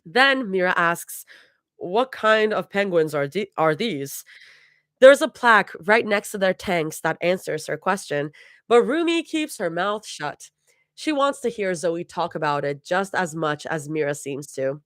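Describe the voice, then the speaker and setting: A woman's voice: lowish voice, expressive, measured pace, fairly bright tone, no echo, studio quality. A woman reading fan fiction aloud live, laughing and stumbling over hard words.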